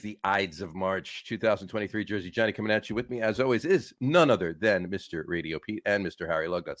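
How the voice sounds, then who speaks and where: A man's voice: fairly low pitch, fast, few pauses, soft background music. A man hosting a casual sports podcast over a remote call, upbeat and laughing often. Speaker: podcast host. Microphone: remote call setup.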